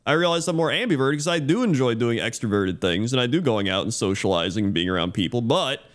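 Laid-back man rambling with lively pitch. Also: quick pace. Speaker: podcast co-host. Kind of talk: casual chat.

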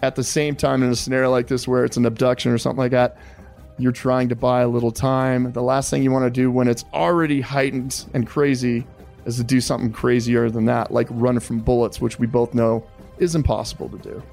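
A man's voice: medium pitch, flat delivery, brisk, gravelly, darkish tone, soft background music. A man hosting an interview, politely calling his guest sir and telling a survival scenario step by step. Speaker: podcast host.

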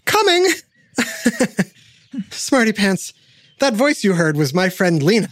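A woman narrates a kids' science show in a playful, lively voice that swings up and down a lot. She quizzes the listener directly, and the sound is close and dry. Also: mid-range voice, no echo. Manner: playful, addresses the listener with quiz questions. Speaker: narrator and host. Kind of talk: scripted educational narration for kids.

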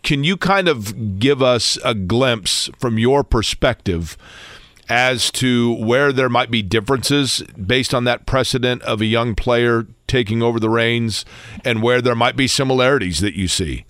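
A man's voice: mid-range voice, unhurried, a bit bright, no room sound, studio quality. A man co-hosting, posing a careful, hedged question to a guest. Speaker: co-host. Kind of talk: interview questions.

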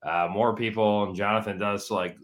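Low-voiced man, profane and teasing. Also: steady tone, normal speed. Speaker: fan club guest. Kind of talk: casual banter.

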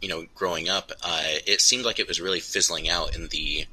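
Very deep bright-voiced man. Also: steady tone, fairly quick, husky, dry recording, low-quality recording. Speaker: guest writer calling in. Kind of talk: casual podcast chat. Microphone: remote call-in line.

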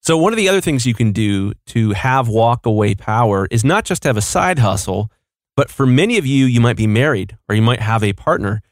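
A man's voice: mid-range voice, lively intonation, a little fast, no echo, studio quality. Blunt man hosting a podcast. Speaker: podcast host. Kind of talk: casual podcast chat.

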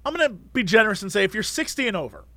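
High-pitched guy cohosting, dry close mic, ranty and dramatic with impressions. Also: racing, no room sound. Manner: expressive, exaggerated rants with impressions. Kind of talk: casual chat.

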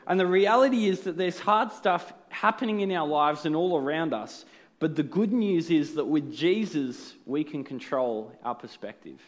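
A man's voice: a little high, moderate pace. A man preaching a sermon in an earnest, explanatory way, often asking rhetorical questions.

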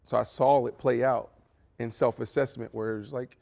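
Gravelly middle-aged guy on a podcast, animated, likes telling stories. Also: medium pitch, moderate pace. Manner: animated, acts out quotes with big voices. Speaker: podcast co-host. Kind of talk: casual chat.

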